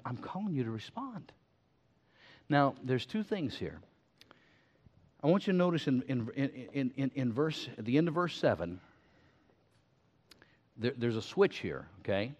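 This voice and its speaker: An older man preaching a sermon to his church in a folksy, animated way, full of stammered restarts. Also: medium pitch, normal speed, long pauses. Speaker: pastor. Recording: slightly muffled sermon recording.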